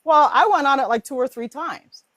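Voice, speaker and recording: Woman host, raised pitch, chatty and animated, dry close mic. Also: normal speed, no room sound. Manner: animated storytelling with laughs and voiced quotes. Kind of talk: casual chat on mindset and manifesting.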